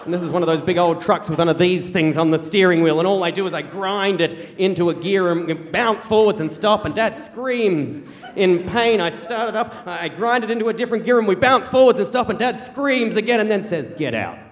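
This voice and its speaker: A young man tells a true story on a theater stage, animated and wry, slipping into the voices of the people in it. His voice sits a little high, and a long hall reverb trails behind it. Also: brisk. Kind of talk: first-person storytelling on stage.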